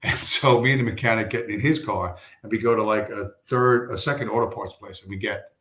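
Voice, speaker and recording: A man with a fairly low voice talks casually on a livestream. He rambles through stories and swears freely. His voice carries a roomy echo. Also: fairly quick, a bit bright. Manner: rambling, profane, storytelling. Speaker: livestream host.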